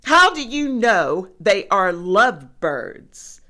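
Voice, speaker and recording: A woman's voice: medium pitch, very animated, takes it slowly, full character voice. A woman voicing an anxious, careful male elephant in a storybook reading, raising her voice in alarm. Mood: indignant. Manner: worried, shouting in alarm.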